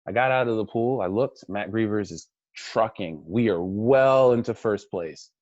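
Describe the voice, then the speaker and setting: A man in his thirties telling a sports story to young swimmers in a lively way, acting out quotes and dropping to a hush for reflective moments. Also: fairly low pitch, measured pace, dry recording, highs cut off. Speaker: Olympic swimmer giving a team talk. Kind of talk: animated storytelling speech.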